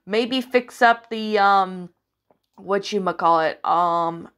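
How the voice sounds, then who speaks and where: A woman's voice: mid-range voice, slow, a bit bright, clean tone. A woman casually reviewing a story she narrated, rambling with many fillers and restarts, hesitant and apologetic. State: hiccuping.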